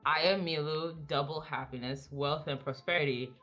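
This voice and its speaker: Bright-toned deadpan co-streamer, lo-fi mic. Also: mid-range voice, moderate pace, soft background music. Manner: dry, deadpan banter, laughs along. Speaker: guest co-streamer and moderator. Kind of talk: casual chat.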